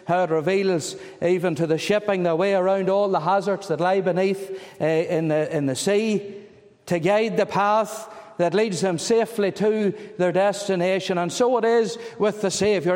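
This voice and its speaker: A man delivers an evangelistic sermon, earnest and pleading, circling back on key phrases. His voice sits somewhat high for a man. A long hall reverb trails after every phrase. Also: a little mellow. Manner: pleading, fervent, repeats phrases for emphasis. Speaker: preacher.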